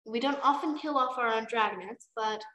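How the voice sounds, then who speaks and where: A grim male dragon leader lays out ruthless plans in a flat, matter-of-fact rumble, as a woman reading a storybook puts him on. An echo hangs on the voice. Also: brisk. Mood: coolly ruthless.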